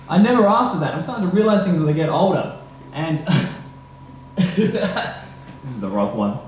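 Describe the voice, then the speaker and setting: A young man doing stand-up, his high voice hesitant and full of fillers. The mic catches a heavily echoing room with faint noise behind him. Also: expressive, a little mellow. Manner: nervous, halting delivery with fillers and laughs. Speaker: stand-up comedian. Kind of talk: stand-up comedy set. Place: comedy venue with audience.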